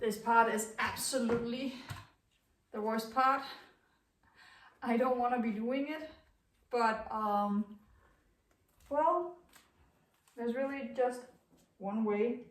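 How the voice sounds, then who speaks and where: A woman's voice: a little high, slow, long pauses. A middle-aged woman narrating her DIY home renovation in a casual vlog, talking to herself as she works, with many fillers and restarts. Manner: chatty, self-talking while working, many fillers and restarts. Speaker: DIY vlogger. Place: living room under renovation, indoors.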